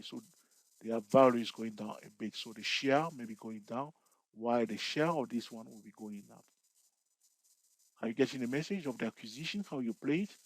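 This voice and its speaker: Male trading instructor, medium pitch, dry close sound, explains over a chart, keeps asking "all right?". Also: no room sound, rough recording. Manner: checks in often with "okay?" and "all right?"; loose phrasing with frequent restarts.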